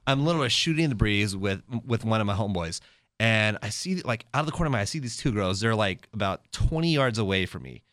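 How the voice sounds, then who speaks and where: Man, guest cosplayer, casual podcast chat, animated storytelling, bright tone, dry close sound. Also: fairly low pitch, quick pace, no echo. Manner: animated storyteller, acts out quotes.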